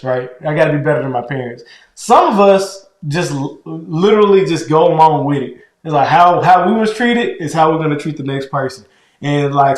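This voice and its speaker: Man, naturally loud voice, fairly high pitch, loose conversational style, keeps asking "right?", roomy echo. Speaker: podcast co-host with his wife. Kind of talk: casual relationship talk.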